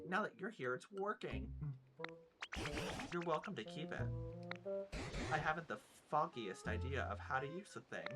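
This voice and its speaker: A man's voice: on the high side, voice pushed up. A man voicing a courteous, curious Pokemon in quaint, polite phrasing. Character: genteel old-fashioned Pokemon, courteous and curious.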